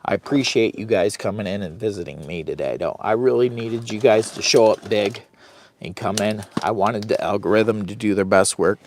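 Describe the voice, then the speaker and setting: A man's voice: lowish voice, moderate pace, a little hiss or hum. A man rambling casually on a phone live stream from inside a heated tent, urging viewers to like and share. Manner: chatty, hypes viewers to like and share. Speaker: vlogger livestreaming from a camping trip.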